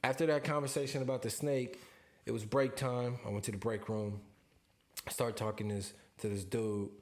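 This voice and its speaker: A young man co-hosting a podcast, telling a story in casual chat, animated, swearing, laughing often and acting out the people he quotes. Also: mid-range voice, normal speed. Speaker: podcast co-host.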